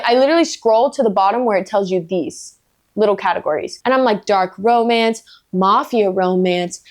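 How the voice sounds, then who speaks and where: A woman's voice: medium pitch, a little mellow. A woman speaks in a mid-range voice, ranting casually to her camera about books. She is blunt and emphatic, swears freely, and breaks into playful, self-mocking asides. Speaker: book vlogger. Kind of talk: casual vlog rant.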